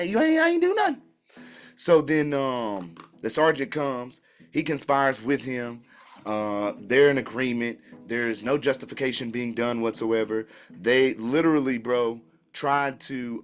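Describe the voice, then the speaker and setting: A man hosting his own channel tells a story in a casual, animated way, full of slang and remarks aimed straight at his listeners. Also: medium pitch. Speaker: channel host.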